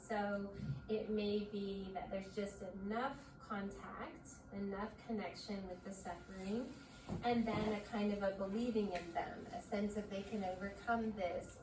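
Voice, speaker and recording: A woman leads a parent workshop, explaining in a gentle, thoughtful way. She sounds set back from the mic in an echoey room. A steady hiss of noise runs underneath. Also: mid-range voice, normal speed, far from the mic. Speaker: workshop presenter.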